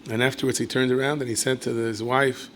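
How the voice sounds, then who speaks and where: A man, a rabbi, giving a storytelling Torah lecture in a conversational way with asides and self-corrections, and he jumps up in pitch and volume when acting out quotes. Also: quick pace, slight background noise. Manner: animated storyteller who leaps high and loud when acting out quoted speech.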